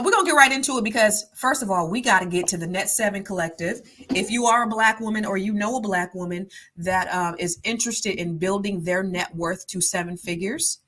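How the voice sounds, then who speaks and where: A middle-aged woman hosting a casual livestream chat. She naturally talks fast and is consciously trying to slow herself down. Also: on the low side, fairly bright tone. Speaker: livestream host.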